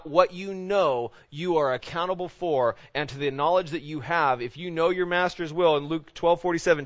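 Preaching man with a dull, lo-fi sound. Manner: preaching with rhetorical questions, often adding "right?"; swings from loud emphasis to low, quiet intensity. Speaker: pastor. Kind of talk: sermon.

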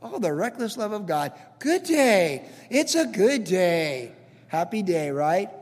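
A man preaching a conversational sermon as pastor, energetic and repetitive, talking straight to his congregation. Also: high voice, slow pace. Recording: long hall reverb.

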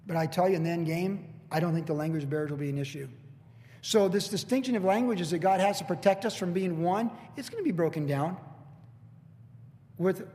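Chatty pastor preaching in an echoing hall. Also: male voice, fairly high pitch, a little hiss or hum. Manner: chatty, jokey asides, swings into excited emphasis. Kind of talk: conversational sermon. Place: church hall with evening congregation. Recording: long hall reverb.

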